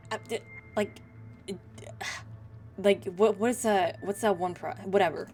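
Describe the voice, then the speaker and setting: A young woman streamer reading a game's text aloud dramatically and breaking in with excited reactions. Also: mid-range voice, unhurried, long pauses. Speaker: gaming streamer. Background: music.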